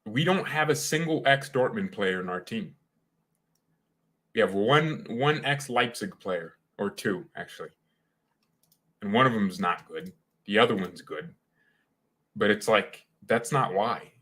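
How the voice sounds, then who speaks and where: A man's voice: fairly low pitch, expressive, measured pace, long pauses, fairly bright tone. A man hosting a casual live match watchalong as a fan, talking in an opinionated, rambling and slangy way. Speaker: fan channel host.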